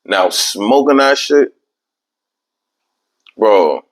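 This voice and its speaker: A man's voice: fairly low pitch, expressive, drawn-out words. A young man hosting a podcast, telling a long story in casual, profane, rambling chat. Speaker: podcast host.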